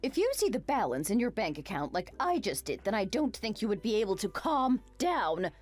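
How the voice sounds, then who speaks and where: A woman's voice: mid-range voice, big pitch swings, normal speed, a little mellow, soft background music. A woman voicing a snobbish young woman who orders her roommate around in a condescending, mocking way. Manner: condescending, commanding.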